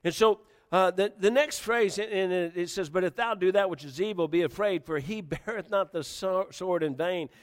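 A man preaching a sermon, animated and emphatic, with frequent repetitions and rising questions. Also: high voice, moderate pace, few pauses, in a large hall. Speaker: pastor.

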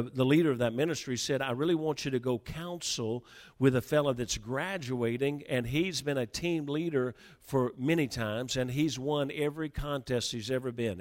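A middle-aged man preaching, telling a personal story in a sermon, with many restarts and stammers as he builds from a quiet start to fervent emphasis. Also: medium pitch.

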